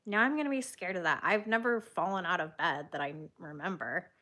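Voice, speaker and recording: Brisk and sharp, with a lowish voice, a woman leads a crochet livestream, casually answering live comments and laughing often over stories about herself.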